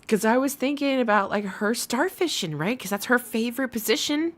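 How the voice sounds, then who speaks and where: A woman's voice: fairly high pitch, expressive, brisk. A young adult woman hosting a casual commentary livestream, chatty and profane with laughing asides. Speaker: livestream host.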